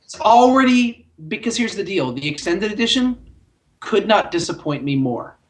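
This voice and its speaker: High, lively man joking about movies. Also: moderate pace. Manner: animated, joking, wry asides. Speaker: podcast co-host. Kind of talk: casual movie chat.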